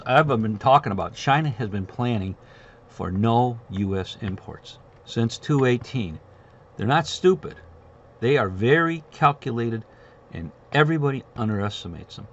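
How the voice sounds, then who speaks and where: A middle-aged man giving casual market commentary as a host, blunt, sarcastic and rambling. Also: fairly low pitch. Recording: dull lo-fi recording.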